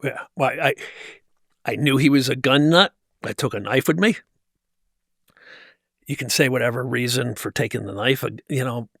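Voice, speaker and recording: A man's voice: mid-range voice, a bit bright, no echo, clean studio sound. A man from New Jersey, a guest in an interview, telling a personal story in an intense, emphatic way with frequent restarts. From New Jersey, USA. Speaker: guest, motivational speaker. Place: tent set used for a podcast.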